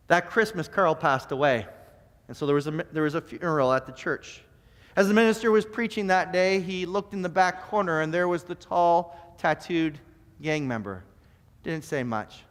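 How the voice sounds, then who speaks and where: High-voiced male preacher in a reverberant hall. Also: moderate pace. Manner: repeats words when starting phrases, swings from soft to emphatic. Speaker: pastor. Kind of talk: sermon storytelling. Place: church sanctuary. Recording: long church reverb.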